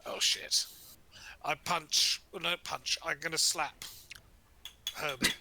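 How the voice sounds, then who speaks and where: A man's voice: on the high side, steady tone, slow, sharp tone, a little hiss or hum. A man playing a tabletop game, talking with exasperated sarcasm. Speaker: player. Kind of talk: in-character tabletop play.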